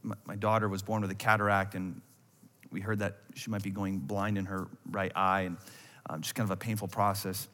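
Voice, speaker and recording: A man in his thirties preaching a sermon as a pastor, animated, swinging from loud acted-out worry to a hushed voice. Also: low-pitched, a little fast. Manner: animated, acts out anxious voices, drops to a hush. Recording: long hall reverb.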